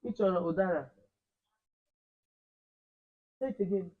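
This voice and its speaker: A man's voice: high voice, racing, narrow, tinny audio. A man teaching a language class to children, quizzing them, repeating and correcting phrases, switching between two languages. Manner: switches between Igbo and English.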